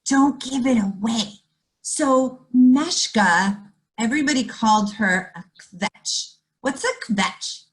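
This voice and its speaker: A woman telling a children's story at storytime, slow and animated, inviting the kids to join in. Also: on the high side, poor audio.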